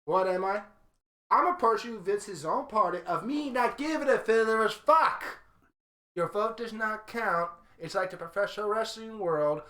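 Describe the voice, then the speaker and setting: A man's voice: high voice, normal speed, sharp tone, reverberant. A man co-hosting a podcast, chiming in and bluntly venting his opinions in casual chat. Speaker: podcast co-host.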